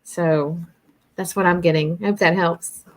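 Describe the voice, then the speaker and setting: A woman on a spiritual group video call, softly sharing a vision and searching for words. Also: on the low side, fairly even intonation. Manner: soft, slow, searching for words. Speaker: channeling participant.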